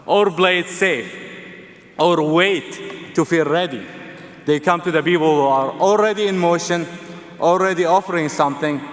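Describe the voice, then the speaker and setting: A man's voice: fairly high pitch, fairly bright tone. A young man from Egypt with an Egyptian Arabic accent, giving a humorous, earnest commencement speech in a large arena. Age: young adult. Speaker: student commencement speaker. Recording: long arena reverb.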